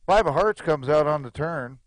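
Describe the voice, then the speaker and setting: A man's voice: on the high side, lively intonation, normal speed, no echo. A man giving live, chatty play-by-play commentary on a poker game, with joking asides.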